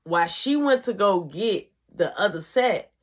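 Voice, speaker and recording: A woman vlogger narrating a personal story in an animated way, swinging between loud and hushed. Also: medium pitch, a little slow.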